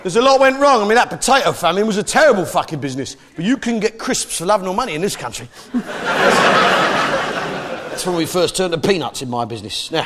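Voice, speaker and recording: A man's voice: sits high, sing-song, fast talker. An Englishman doing sweary, mock-patriotic stand-up comedy, with audience laughter behind him. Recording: live show with crowd noise.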